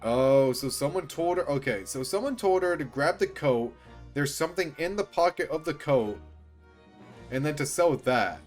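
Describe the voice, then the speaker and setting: A man reacting and commenting as a streamer playing a story game, excited and swearing. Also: on the high side, normal speed, faint music behind. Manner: animated, reacts loudly and swears. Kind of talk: let's-play commentary.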